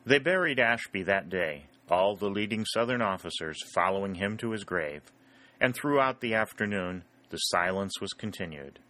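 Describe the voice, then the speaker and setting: This is scripted narration from a man reading an audiobook at a measured pace. He has a fairly low voice with a bright, forceful edge, and he tells the story evenly.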